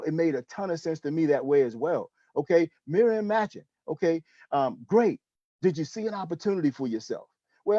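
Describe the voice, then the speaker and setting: A man leads a sales training session, coaching emphatically and checking in with the listener again and again. His voice sits high, with a mellow tone. The recording is dry and slightly dull. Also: no room sound.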